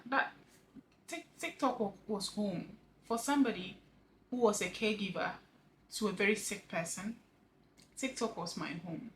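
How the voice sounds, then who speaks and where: A grieving widow talking earnestly to camera in a personal vlog, halting and repeating words, her voice dropping soft at the ends of phrases. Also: medium pitch, slight background noise, rough recording. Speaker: vlogger sharing a personal story. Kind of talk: heartfelt personal vlog monologue.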